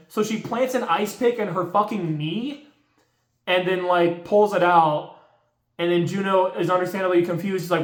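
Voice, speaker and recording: A young movie reviewer with a high voice recaps a horror movie at normal speed in a casual, profane, exasperated rant packed with slang. The recording has a roomy echo.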